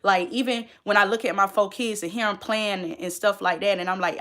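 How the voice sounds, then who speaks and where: A woman's voice: medium pitch, a little fast, a bit bright. A woman, a nurse chatting casually and emphatically to her viewers in a vlog update. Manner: chatty, emphatic, talks straight to viewers as y'all; moves about while talking. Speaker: nurse and vlogger.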